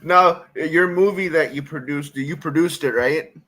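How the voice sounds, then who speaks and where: A man's voice: fairly high pitch, unhurried, a bit bright. A man hosting a paranormal podcast, asking questions in a casual interview with short reactions. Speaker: podcast host.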